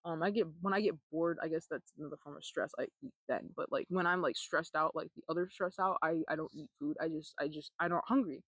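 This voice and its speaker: A young adult woman vlogging a personal testimony, telling her story in a halting, rambling way with lots of fillers and swearing. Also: low-pitched, breathy edge, no echo.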